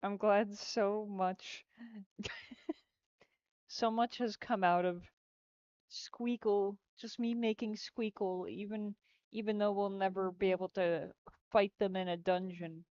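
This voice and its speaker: A woman game developer rambles and giggles as she works, talking slowly in a relaxed, unhurried way. The sound is dry and close on a desk mic, a little dull and lo-fi. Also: mid-range voice, smooth, no echo. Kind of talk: casual chat while working on a livestream. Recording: dull lo-fi stream audio.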